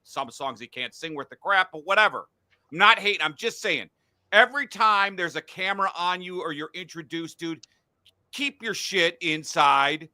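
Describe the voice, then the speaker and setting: A man's voice: high voice, normal speed, bright, forceful tone, no room sound. Ranting middle-aged male podcast host. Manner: blunt, ranting, profane. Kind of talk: casual sports talk. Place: home studio.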